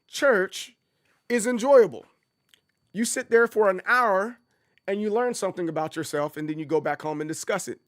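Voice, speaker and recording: This livestream host speaks in a slightly high voice, rambling animatedly in a casual way and going over the same points again. The audio is studio quality with no room sound.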